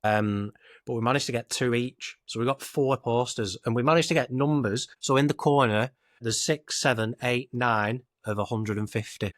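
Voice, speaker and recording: Young Lancashire podcast host, casual rambling storyteller, dry close mic. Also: male voice, medium pitch, a bit bright, no room sound. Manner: rambling anecdotal, northern dialect "I were", "it were".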